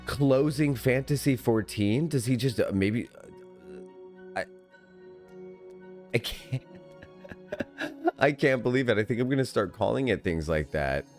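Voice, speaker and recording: A man's voice: medium pitch, animated, unhurried, pauses often, darkish tone, faint music behind. A man streaming himself playing an online game, chatting to viewers and teammates in a loose, giggly way. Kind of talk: live gameplay commentary.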